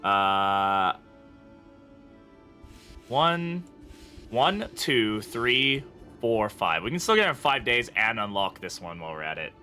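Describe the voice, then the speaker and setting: A man's voice: on the low side, very animated, slow pace, pauses often, pushed and bright, soft background music. A man from the UK giving casual, chatty gameplay commentary while streaming, thinking aloud and chuckling often. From United Kingdom.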